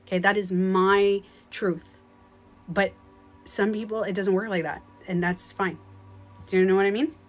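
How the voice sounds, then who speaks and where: A woman's voice: medium pitch, fairly even intonation, measured pace, long pauses, faint music behind. Earnest rambling woman on a phone livestream. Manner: earnest, rambling, laughs often. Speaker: spiritual life coach on a livestream. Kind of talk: casual livestream chat.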